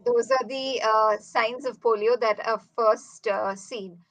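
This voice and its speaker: A woman's voice: fairly high pitch, steady tone, slow pace, a bit bright, rough recording. A woman, politely reading parents' questions to a doctor with frequent "uh" fillers as a workshop moderator. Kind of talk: moderating an online Q&A.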